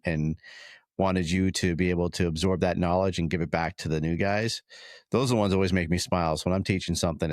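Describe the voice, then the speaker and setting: A man's voice: low voice, dry recording, clean studio sound. A man hosting a casual podcast interview, easygoing and friendly in tone, talking shop about teaching firefighters. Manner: relaxed, easygoing, says "dude" and "man". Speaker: podcast host and fire service instructor.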